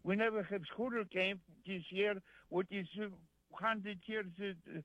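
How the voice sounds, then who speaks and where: Mężczyzna, wzburzony rozmówca, stłumiony dźwięk. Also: male voice, high voice, fairly even intonation, a bit bright, no room sound, lo-fi sound. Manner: halting, many fillers and restarts, heated. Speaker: caller. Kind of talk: call-in radio chat.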